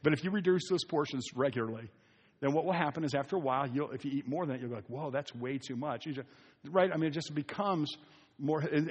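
Male pastor, casual preaching with repeated punchy phrases, a touch high-pitched. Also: darkish tone, slightly rough. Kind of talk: sermon. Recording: long hall reverb.

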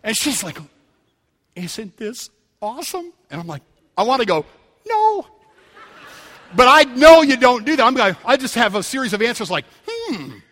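A man's voice: very high voice, animated, quick pace, a bit bright. A man preaching a sermon, telling stories in a conversational way and building to emphatic calls to the congregation. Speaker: pastor. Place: church sanctuary. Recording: church hall reverb.

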